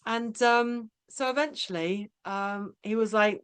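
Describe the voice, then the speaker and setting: A woman hosting a podcast, talking in a casual, halting way with frequent restarts and tag questions. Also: a little high, clear, resonant tone. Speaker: podcast host. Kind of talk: casual conversational interview.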